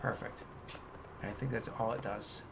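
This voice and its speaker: A man running a tabletop game as game master, explaining rules and then narrating combat with excited energy. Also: fairly low pitch, normal speed, background noise.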